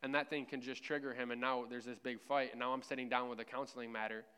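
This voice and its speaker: A man's voice: mid-range voice, level tone, fast, sharp tone, clean tone. A man preaching a sermon at church in a casual, conversational way, often checking in with "right?". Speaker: pastor.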